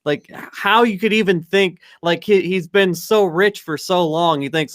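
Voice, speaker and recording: A man's voice: high voice, normal speed, hardly any pauses, a bit bright, no echo, studio quality. A man hosting a political talk stream, conversational and thinking aloud.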